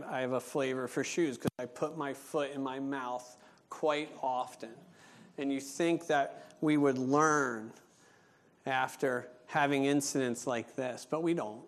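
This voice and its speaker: A male pastor preaching a sermon, telling a story with lively acted-out dialogue, then slowing into an earnest teaching tone. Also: mid-range voice. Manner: animated storytelling, acting out dialogue; slows down and turns earnest for teaching points.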